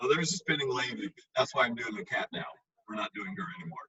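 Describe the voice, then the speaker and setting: A man's voice: mid-range voice, expressive, fast talker, pushed and bright, husky. A man giving an informal, emphatic lecture on wine with blunt, chatty asides. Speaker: wine educator. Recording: dull lo-fi recording.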